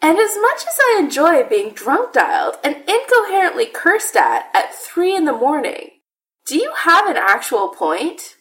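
A woman's voice: very high voice, wildly swooping pitch, measured pace, a bit bright, pitched above the performer's own voice, heavily acted, poor audio. A woman voicing a patient young man who speaks dryly and firmly on the phone. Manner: dry, firm, worried.

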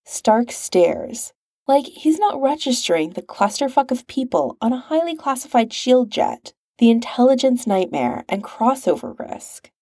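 Mellow-voiced woman narrating a story. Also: fairly high pitch, measured pace, no room sound, clean studio sound. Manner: expressive, wry storytelling. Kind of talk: reading fan fiction aloud.

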